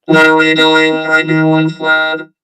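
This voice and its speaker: A man talking through a robot vocoder filter while synth music plays loudly. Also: fairly high pitch, monotone, measured pace, smooth. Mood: deadpan.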